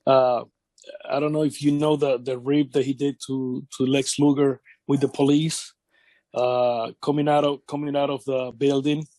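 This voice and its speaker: Guy in his 50s, broken english, laughing through old stories, warm low-key tone, dry mic. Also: normal speed, no room sound. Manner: animated anecdotes, non-native English grammar. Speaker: interview guest, former wrestler. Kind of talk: shoot interview storytelling.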